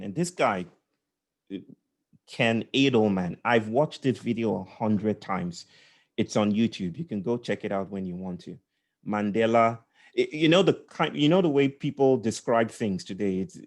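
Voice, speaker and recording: A man's voice: lowish voice, measured pace. A man leading a session, telling a reflective story with repeated words, laughs and asides. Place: indoors.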